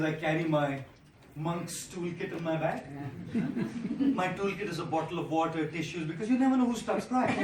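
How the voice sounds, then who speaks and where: A man's voice: high voice, noisy background. A man, a monk giving a motivational speech, telling stories and repeating phrases for effect. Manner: animated storyteller with rhetorical repetition. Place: large indoor hall. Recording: echoey hall from a distant mic.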